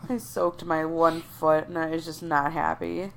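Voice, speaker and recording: Chatty young woman podcast co-host, lowish voice. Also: little pitch movement, unhurried, gravelly, a little hiss or hum. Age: young adult. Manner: chatty, storytelling with many "like" fillers. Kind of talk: casual chat.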